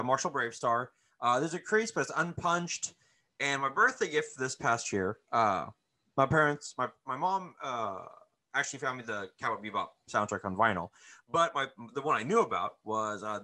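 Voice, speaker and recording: A man co-hosting a casual collectibles chat, enthusiastic and prone to halting restarts. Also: medium pitch, pushed and bright. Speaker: podcast co-host.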